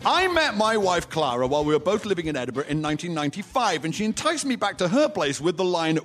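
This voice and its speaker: A man's voice: sits high, big pitch swings, fast, few pauses, fairly bright tone. A middle-aged man from England, doing a wry, sardonic stand-up comedy monologue. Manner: wry, sardonic storytelling to a laughing audience. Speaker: comedian host. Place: live venue with audience. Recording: radio broadcast of live show.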